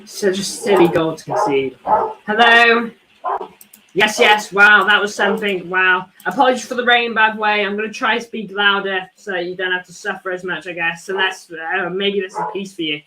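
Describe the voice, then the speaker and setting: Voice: mid-range voice, moderate pace, background noise. A football fan hosting a live watchalong stream, ranting in frustration with many rhetorical questions and repeated points. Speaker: fan channel host.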